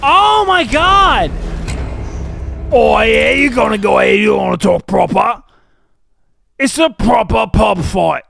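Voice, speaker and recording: A rowdy young street lad barking in a thick mock London accent, as a man puts him on. The voice jumps high above his usual register and goes loud and shouty, with a gravelly edge. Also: animated, takes it slowly, long pauses, no room sound, heavily acted. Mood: rowdy, taunting.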